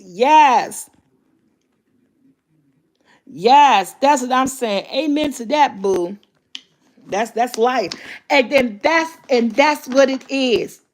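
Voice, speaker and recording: Candid woman in her fifties, higher-pitched. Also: animated, slow, pauses often. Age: 50s. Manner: candid, emphatic, swears freely. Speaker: vlogger. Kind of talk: casual motivational talk.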